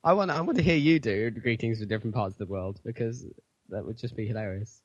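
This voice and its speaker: A man of middle pitch chatting as a podcast co-host, giggly and rambling, often trailing off into fillers. His voice sits close and dry on the mic, with no room sound. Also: quick pace, a little mellow, breathy edge, no room sound, muffled recording. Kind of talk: casual chat.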